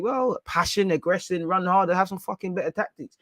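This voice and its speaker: Young male football fan host, loud and sarcastic, slangy, slightly high voice, dry close sound. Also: a little fast, hardly any pauses, dry recording. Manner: loud, mocking, slangy, reads quotes aloud sarcastically. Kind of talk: live reaction rant.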